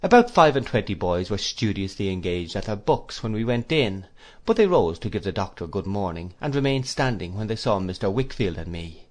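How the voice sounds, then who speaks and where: A man narrating an audiobook in a measured storytelling manner. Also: on the low side, very animated. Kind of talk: scripted narration.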